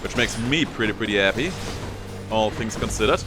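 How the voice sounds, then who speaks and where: A man's voice: lowish voice, normal speed, music in the background. A young man giving casual commentary on his own gameplay, playfully taunting enemies as he goes. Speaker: gameplay streamer.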